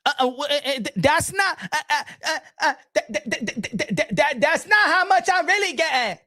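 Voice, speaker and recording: A man's voice: extremely high pitch, expressive, brisk, bright, forceful tone, exaggerated voice. A man mocking a flustered female boxer, stammering and repeating himself defensively in a raised voice.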